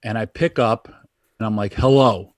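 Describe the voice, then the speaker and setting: Brief: middle-aged male wrestler guest, dry close sound, average pitch, chatty rambling storyteller. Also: unhurried, no room sound. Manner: animated, rambling anecdotes with restarts. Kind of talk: casual storytelling.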